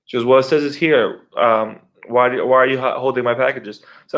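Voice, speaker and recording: A middle-aged man co-hosting a podcast, telling a long neighbor story in casual, profane, animated talk and acting out his own reactions. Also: medium pitch, a little fast, lo-fi sound. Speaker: podcast co-host.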